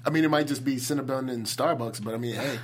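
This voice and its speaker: An easygoing man co-hosts a TV after-show and tosses in casual asides. His pitch sits in the middle range, and a faint hum runs underneath him. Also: fast. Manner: easygoing, laughs often, adds asides. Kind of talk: casual chat recapping an episode.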